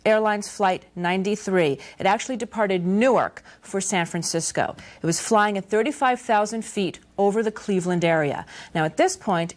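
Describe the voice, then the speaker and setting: Serious woman reading the news. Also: mid-range voice. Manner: measured, serious delivery. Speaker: news anchor.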